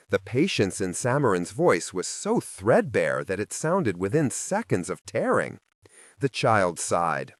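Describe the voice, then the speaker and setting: A man reading a novel aloud, his low voice rising and falling in wide, lively swings. The sound is close and completely dry, with no room around it. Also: a little slow, dry recording. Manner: expressive, first-person storytelling. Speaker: audiobook narrator. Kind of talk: scripted narration.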